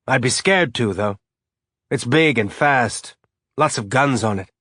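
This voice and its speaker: A man's voice: medium pitch, animated, measured pace, fairly bright tone, no room sound, clean studio sound. A man voicing a choked-up grieving father. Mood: choked, tender. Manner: forcing a light, upbeat tone. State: choked up, throat thick. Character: grieving middle-aged father holding back tears. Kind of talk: audiobook character voice.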